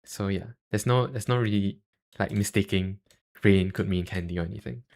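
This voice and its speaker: A man streaming, chatting casually about language tones in a halting way, with many fillers and self-deprecating asides. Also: lowish voice, gravelly, a little mellow. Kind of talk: casual livestream chat.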